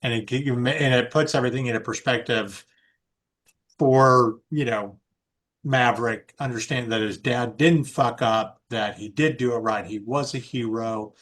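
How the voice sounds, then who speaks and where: A man's voice: medium pitch, steady tone, moderate pace, a bit bright. A man co-hosting a podcast, talking in a rambling way with many fillers and restarts. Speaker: podcast co-host. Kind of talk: casual chat.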